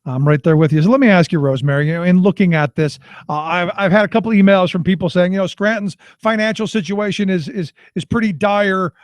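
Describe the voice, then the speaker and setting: A man's voice: high voice, fast, no echo. A man hosting a radio talk show, interviewing a guest in a conversational, sympathetic way. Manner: conversational, sympathetic, with filler restarts.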